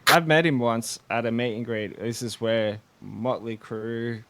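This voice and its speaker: A man's voice: medium pitch, steady tone, a little slow, a bit bright. A man hosting a podcast in a laid-back, enthusiastic chat, peppered with man and dude. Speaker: podcast host.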